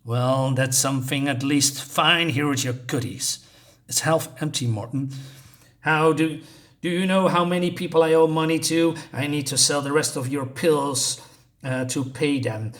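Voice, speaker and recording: A man's voice: fairly high pitch, fairly even intonation, unhurried, lightly acted. A man reading aloud the lines of a bitter man buried in debt, in an impatient, scolding way. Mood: irritated. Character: grown man, indebted and bitter toward Alice.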